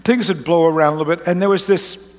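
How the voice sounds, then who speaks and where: A man's voice: a little high, steady tone, quick pace, darkish tone. A man preaching to his congregation, telling a rambling personal story in a folksy, joking way with frequent restarts. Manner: folksy, rambling, self-interrupting. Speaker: pastor. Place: large church auditorium. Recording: long reverb of a large hall.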